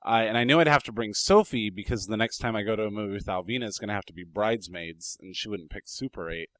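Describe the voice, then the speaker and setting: A man's voice: on the low side, fast talker, fairly bright tone, no echo. A man co-hosting a podcast in casual chat, blunt, swearing casually and telling stories. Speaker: podcast co-host.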